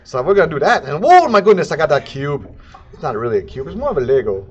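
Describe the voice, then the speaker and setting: A man giving a casual, jokey software tutorial, throwing in sound effects and silly asides. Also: a little high, big pitch swings, fast talker, dull audio, a little hiss or hum. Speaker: CAD instructor. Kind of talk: casual screen-recorded tutorial.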